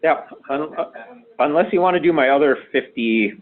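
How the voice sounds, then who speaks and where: A man's voice: fairly high pitch, moderate pace. A man giving an informal medical lecture in a casual, conversational way, punctuated with frequent "okay"s. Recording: tinny phone-like sound.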